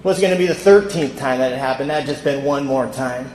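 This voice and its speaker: A man's voice: mid-range voice, brisk, darkish tone, a little hiss or hum. A man from California telling his recovery story to a convention audience, candid, with quoted voices acted out. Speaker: recovery speaker. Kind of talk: personal recovery talk at a convention. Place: large convention hall. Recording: echoey hall with long reverb.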